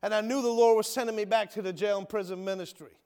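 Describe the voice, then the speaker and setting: Man preaching in church, high voice, loud then real quiet, calls everyone brother, big echo. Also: fairly even intonation, quick pace, clear, resonant tone. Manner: swings from loud emphatic shouts to low near-whispers; folksy, calls listeners brother and my friend. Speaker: preacher, ex-convict prison minister. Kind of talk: sermon with testimony. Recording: long hall reverb.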